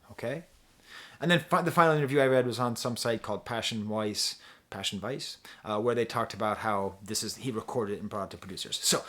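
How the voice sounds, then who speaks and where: A man's voice: mid-range voice, a bit bright. A man talking casually as a music reviewer, rambling and chatty, with frequent restarts and easy laughter. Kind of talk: casual album review talk.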